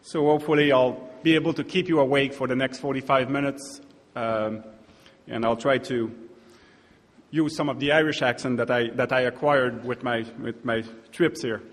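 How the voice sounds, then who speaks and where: A man's voice: mid-range voice, fairly even intonation, moderate pace. A man with a French-Canadian accent giving an academic conference lecture, often restarting his sentences. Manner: hesitant, many restarts and fillers. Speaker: keynote speaker. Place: large lecture hall. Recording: echoey hall, long reverb.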